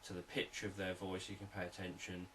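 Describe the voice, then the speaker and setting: A man, a hypnotherapist, explaining sales techniques in a calm, repetitive, unscripted teaching talk. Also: low-pitched, a little fast, recorded from a distance, a little hiss or hum, low-quality recording.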